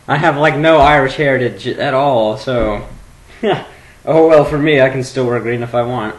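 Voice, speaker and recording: A man rambling goofily in a webcam vlog at home at his computer, jumping between low mumbling and sudden squeals. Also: normal speed, a little hiss or hum, rough recording. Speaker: vlogger.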